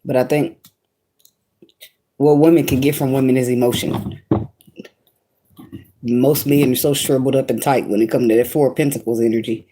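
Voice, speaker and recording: A woman's voice: rumbling low, fairly even intonation, normal speed, long pauses, mellow, a little hiss or hum. A woman tarot reader giving casual spiritual advice in a blunt, slangy, profane monologue, often breaking into laughter.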